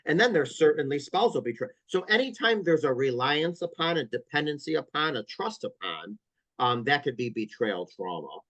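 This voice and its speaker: A man's voice: fairly high pitch, very animated, moderate pace, a bit bright, dry recording, low-quality recording. A man speaking as a trauma counselor on an interview podcast, explaining earnestly with vivid stories and repeated emphasis.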